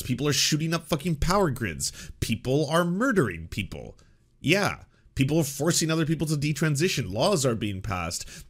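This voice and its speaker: A man hosting a commentary show, reacting to clips in a sarcastic, mocking and profane way. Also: a little high.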